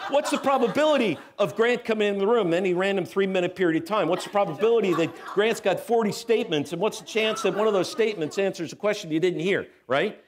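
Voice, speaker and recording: A middle-aged man giving a talk at a spiritual center as guest speaker, telling a personal story with animated, self-mocking delivery and acting out voices. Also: fairly high pitch. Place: church hall. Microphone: handheld microphone.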